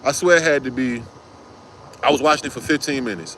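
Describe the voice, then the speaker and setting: Animated, profane man telling a story. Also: mid-range voice, brisk, a little hiss or hum. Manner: acts out other people's voices in quotes. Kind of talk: casual storytime vlog.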